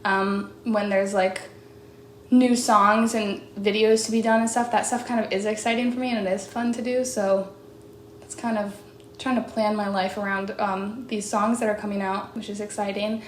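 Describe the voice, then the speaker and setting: A young woman singer chatting casually as she answers fan questions, bubbly and full of "like"s and quick laughs. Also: a little high, level tone. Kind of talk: casual chat. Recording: echoey room with faint background noise.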